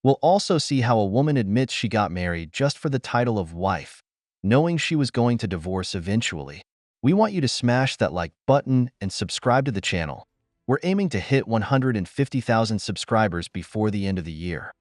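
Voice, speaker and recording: A man's voice: fairly low pitch, big pitch swings, a little fast, no echo, studio quality. A man hosting and narrating a scripted voice-over, preaching directly to male viewers. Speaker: host and narrator.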